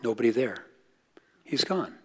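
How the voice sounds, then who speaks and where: A middle-aged man preaching a sermon, telling stories earnestly, rising for quoted lines and dropping low and soft at key points. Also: sing-song, measured pace, breathy edge. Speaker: pastor.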